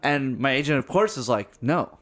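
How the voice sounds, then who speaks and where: A man's voice: mid-range voice, animated, fairly quick. Wry blunt man in casual chat. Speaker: podcast co-host.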